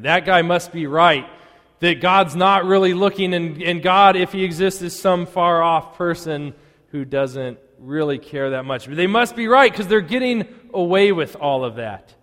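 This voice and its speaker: An earnest male pastor preaching in a church, his fairly high voice carrying through a long, ringing reverb. He pauses often and sinks to a near hush on the phrases he wants to land. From United States. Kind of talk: sermon. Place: church sanctuary.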